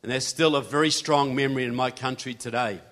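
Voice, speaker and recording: A man's voice: medium pitch, brisk, fairly bright tone. A man from New Zealand with a New Zealand accent giving a folksy, earnest speech to a live audience. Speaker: guest speaker. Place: large hall. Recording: hall reverb.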